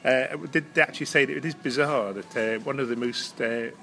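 Fast rambling male host, faint background noise. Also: mid-range voice, pushed and bright. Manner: rambling, halting, many restarts. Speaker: podcast host. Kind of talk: casual chat.

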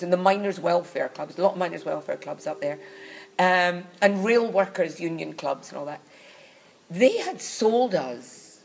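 A woman's voice: fairly low pitch, creaky, a little mellow, poor audio. A woman chatting in an interview, telling wry, bawdy stories and dropping into comic voices for the people in them. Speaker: guest recounting her acting past. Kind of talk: anecdotal interview chat.

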